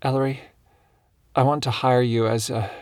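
A man voicing an upset young woman who talks in a high, wobbly, hesitant way. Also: level tone, normal speed, dry recording, clean studio sound, lightly acted. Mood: nervous. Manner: nervous, hesitant.

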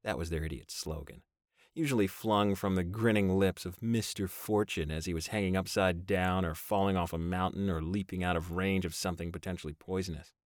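Wry low-voiced male audiobook narrator. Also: fairly even intonation, brisk, no echo, clean studio sound. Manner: wry, sardonic. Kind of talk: first-person audiobook narration.

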